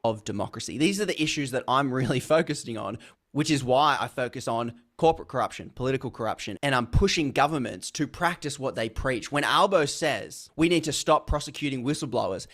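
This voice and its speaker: A man's voice: mid-range voice, expressive, a little fast, fairly bright tone. An Australian man, a political commentator, explaining his views earnestly in a video.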